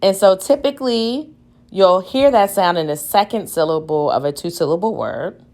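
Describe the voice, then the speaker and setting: A woman's voice: lowish voice, animated, moderate pace, a little mellow. A woman teacher giving a recorded reading lesson for children at home, patiently sounding out words aloud.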